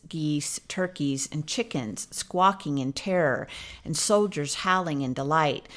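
Low-voiced woman narrating history. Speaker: podcast co-host.

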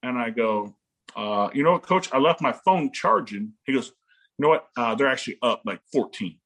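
A man in his forties from Illinois, a guest telling casual stories about his daughter's recruiting, acting out quotes with sudden jumps in pitch. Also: expressive, moderate pace, fairly bright tone. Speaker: guest, parent of a volleyball recruit. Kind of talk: casual storytelling.

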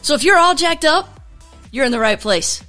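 A woman's voice: high-pitched, lively intonation, normal speed, pushed and bright, faint music behind. A woman hosting a casual faith podcast, upbeat and chatty, rambling with many restarts. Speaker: podcast host.

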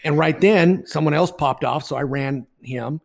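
A man's voice: a little high, normal speed, creaky. A man, a baseball umpire and podcast co-host, telling a story in blunt, profane, laughing casual chat.

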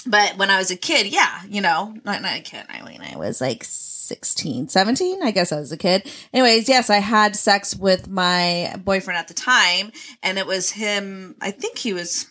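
Young woman co-host, crisp bright tone, blunt and profane, casual chat. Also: medium pitch, lively intonation, moderate pace, few pauses. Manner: profane, blunt, laughing often.

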